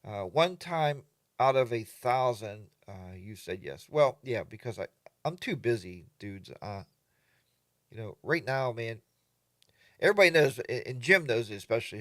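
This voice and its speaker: Brief: older male livestream host, chatty and animated, dry close sound. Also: mid-range voice, normal speed, no echo. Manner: animated, mimics other riders in exaggerated voices. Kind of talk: casual live chat reading viewer comments.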